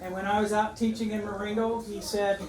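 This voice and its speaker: A retired teacher and coach in his seventies gives a joking yet emotional dedication speech in a large school gym, his high voice fairly quick and low on pitch movement. The recording is echoey, with a distant mic and background noise.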